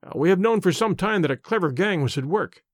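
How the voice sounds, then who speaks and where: Male reader voices a bluff police inspector: brisk, hearty, lively in tone. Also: high-pitched, no echo, clean studio sound. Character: bluff, confident Victorian police inspector man.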